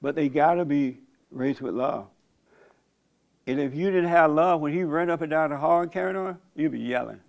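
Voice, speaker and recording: Gravelly older man preaching. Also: on the high side, moderate pace. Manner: folksy, joking, laughs often. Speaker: host leading a church discussion. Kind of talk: casual preaching talk.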